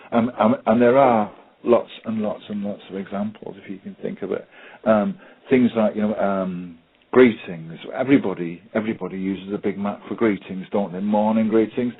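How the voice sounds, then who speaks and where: Over a tinny, phone-like line, a British man with a lowish, breathy-edged voice gives a webinar presentation as a special needs technology trainer. He's hesitant, using lots of ums and telling stories.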